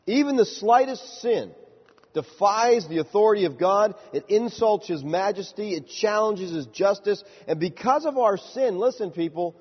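A man preaching a sermon, emphatic, climbing higher to stress his points. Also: animated, normal speed, husky. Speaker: pastor. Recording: muffled sound with long hall reverb.

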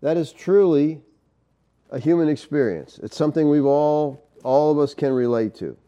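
Warm, mellow-voiced male Bible teacher. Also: fairly high pitch, moderate pace, highs cut off. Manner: conversational, with frequent "okay?" and "you know". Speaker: pastor teaching a Bible study. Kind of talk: sermon.

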